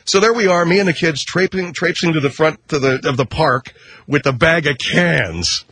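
A man's voice: on the high side, animated, moderate pace, pushed and bright, husky, no echo. A middle-aged man hosting a comedy radio show, joking wryly and bickering with exasperation. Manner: wry, exasperated banter.

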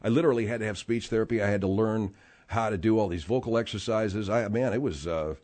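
A man's voice: lowish voice, quick pace, darkish tone. A middle-aged man hosting a talk show, explaining things in a rambling way full of fillers, his voice slightly strained. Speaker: radio talk show host. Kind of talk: casual talk show chat.

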